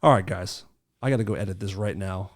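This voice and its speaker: A man's voice: deep voice, brisk. A man hosting a podcast in casual comedic chat, joking, profane and laughing often. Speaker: podcast host.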